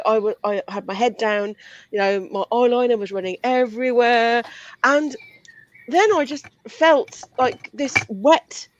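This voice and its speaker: Animated woman telling a story. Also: fairly high pitch, a little hiss or hum. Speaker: comedian panelist. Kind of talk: comic anecdote. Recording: dull, dry sound.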